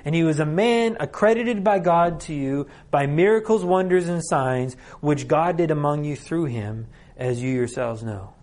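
A man's voice: on the high side, expressive, moderate pace, hardly any pauses, a little mellow. Guy preaching at a conference, joking around, lots of questions to the crowd. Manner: conversational preaching with humor and rhetorical questions. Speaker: conference speaker. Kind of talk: sermon. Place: conference hall.

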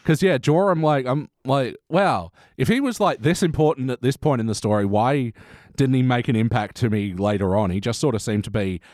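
A man co-hosting a casual rewatch chat, laid-back and quick to laugh. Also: mid-range voice, a little mellow, dry recording, studio quality. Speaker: podcast co-host.

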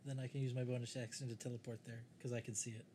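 A man's voice: mid-range voice, flat delivery, racing, mellow, a little hiss or hum. A man playing a tabletop role-playing game, asking the game master about his moves step by step. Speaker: player. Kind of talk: casual tabletop game play.

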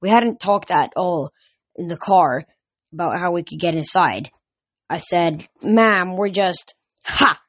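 Brief: relaxed amateur story reader, even middle pitch, dry close mic. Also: unhurried, husky, no echo. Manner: casual, with slips and restarts. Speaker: audiobook reader. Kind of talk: first-person story reading.

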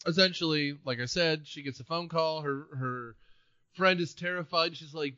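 A man co-hosting a casual movie-review podcast, animated, laughing often and acting out lines from films. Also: a little high, normal speed, dry recording, muffled recording. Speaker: podcast co-host.

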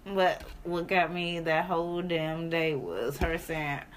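A woman's voice: deep voice, slow pace. A woman co-hosting a laid-back chat, rambling along with plenty of fillers and some swearing. Faint background noise sits under her voice. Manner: chatty, profane, rambling with filler words. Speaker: co-host. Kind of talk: casual chat.

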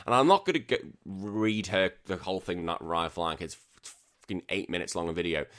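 A man hosting a podcast, chatting casually and ranting with lots of swearing. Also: deep voice. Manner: animated, swears a lot, exasperated rants. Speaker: podcast host.

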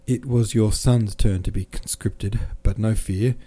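Man voicing little old peasant man, aggrieved, complaining, dark voice. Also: fairly low pitch, steady tone, unhurried. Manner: complaining, accusing.

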